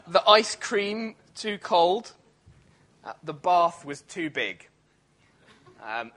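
A man delivering a sermon in a relaxed, conversational way, full of small restarts and fillers. His voice sits a touch high for a man and sounds bright and forceful. He speaks from a church. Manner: conversational, many fillers and restarts, acts out quoted grumbling. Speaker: preacher.

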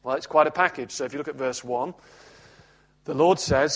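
A male pastor reading scripture aloud and then preaching an expository sermon in a measured, earnest way. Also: fairly high pitch, a bit bright.

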